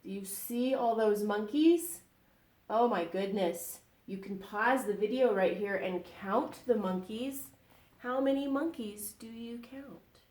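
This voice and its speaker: A woman reading a children's story aloud, animated and asking the young listeners questions as she goes. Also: fairly high pitch, slow, echoey room.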